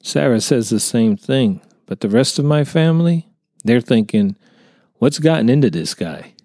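A man's voice: mid-range voice, lively intonation, moderate pace, dark tone, no echo, clean studio sound, lightly acted. A man voicing an earnest young contractor who tells his story hesitantly in a storybook reading. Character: earnest younger male contractor, unsettled by a sighting.

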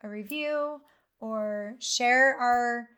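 Woman co-hosting a podcast w her husband, kinda high voice, friendly and upbeat. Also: extremely slow, fairly bright tone, clean tone. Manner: friendly, upbeat, laughs easily. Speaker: podcast co-host. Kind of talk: casual chat.

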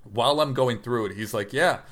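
Man, casual storytelling, rambling, self-correcting, animated quotes, average pitch. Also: brisk. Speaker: toy reseller telling a story.

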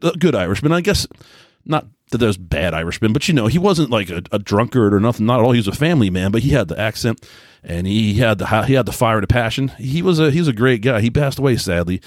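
A man's voice: on the low side, dry recording, studio quality. A man in his forties hosting a solo podcast, telling loose, self-deprecating stories with many restarts and filler words. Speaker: podcast host. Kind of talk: casual solo podcast monologue.

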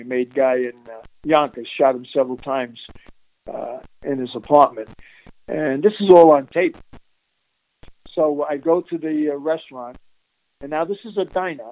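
A man being interviewed, telling an animated, streetwise story with frequent laughs and restarts. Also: a little high, dry recording, poor audio. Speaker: interviewee recounting undercover work.

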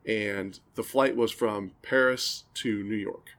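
A man's voice: fairly low pitch, fairly even intonation, takes it slowly, a bit bright. A man co-hosting a podcast, telling long, rambling stories and laughing at them in casual chat. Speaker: podcast co-host.

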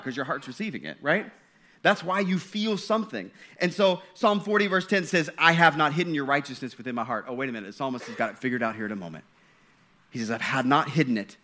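A man's voice: fairly high pitch, pushed and bright. A man preaching a sermon in a conversational style, stumbling and restarting, then building to fervent passages. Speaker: pastor.

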